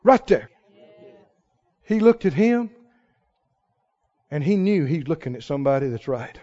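A man preaching a sermon who swings between quiet asides and shouted exclamations, asking the congregation question after question. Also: on the high side, very animated, measured pace. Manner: fires rhetorical questions at the congregation. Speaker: pastor. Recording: dull lo-fi recording.

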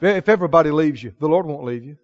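A man preaching a sermon, chuckling often and swinging from hushed storytelling to loud proclaiming. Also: on the high side, quick pace, no room sound. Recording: dull lo-fi recording.

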